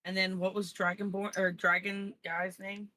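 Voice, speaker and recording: Bright-voiced, playful woman player. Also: medium pitch, little pitch movement, moderate pace, no echo. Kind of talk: casual chat in a tabletop game.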